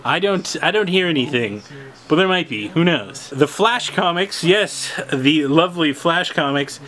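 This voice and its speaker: A man from Canada co-hosting a comic shop video, joking through a giveaway segment and swinging between loud lines and mumbled asides. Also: fairly high pitch, animated, measured pace. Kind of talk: casual chat.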